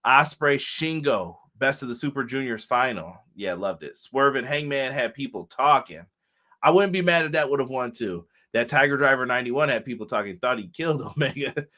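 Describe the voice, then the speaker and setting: A man's voice: mid-range voice, normal speed, sharp tone. A male co-host, chatting casually and animatedly on a live wrestling stream, often exclaiming and swearing.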